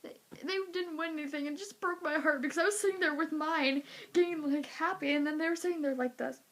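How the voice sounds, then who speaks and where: High-voiced young woman telling a story. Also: quick pace. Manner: animated, acting out reactions, lots of "like". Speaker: vlogger. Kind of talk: casual storytelling vlog.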